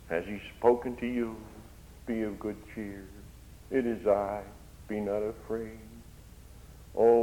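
A man from the Netherlands preaches an impassioned sermon in a lowish, mellow voice, his volume swelling and dropping. The recording is dull and lo-fi.

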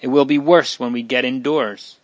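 A man's voice: medium pitch, fairly even intonation, moderate pace, no echo, highs cut off, close to an everyday voice. A man reading a grave young brother. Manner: grave, hushed.

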